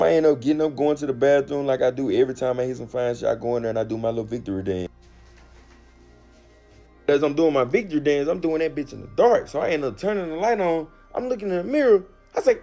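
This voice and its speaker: A young man tells a raunchy personal story in a loose, animated, slang-heavy way. He talks fast in a dark, relaxed voice. Faint music plays behind him. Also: mid-range voice. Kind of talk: casual storytime monologue.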